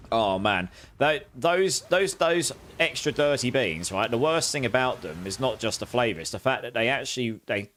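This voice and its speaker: A man's voice: fairly low pitch, a bit bright. A young man chatting casually on a game live stream, thanking viewers and exclaiming often.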